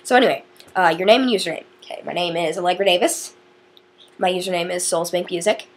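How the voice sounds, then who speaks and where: Teen girl vlogger, from northern Indiana, rambling casual delivery, slightly husky and low-pitched. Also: fast. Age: teens. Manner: rambling, chatty, many fillers. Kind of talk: casual chat to camera.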